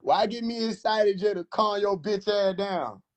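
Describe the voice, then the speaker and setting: Man, high-pitched voice, livestream host, casual mocking rant, boisterous. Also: measured pace, dull audio. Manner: boisterous and mocking, laughs often.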